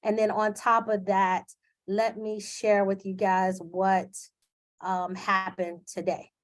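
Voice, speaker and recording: A woman's voice: medium pitch, flat delivery, takes it slowly. A woman speaking live into her computer camera, candid and emotional, with many fillers. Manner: earnest, emotional, with frequent fillers. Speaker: live video host. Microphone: webcam on a computer.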